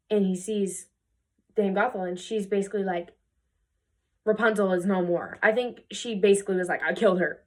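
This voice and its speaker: A young woman making a video retells a fairy tale casually, chatty and filler-heavy, jumping into quick character voices. Her voice is mid-range.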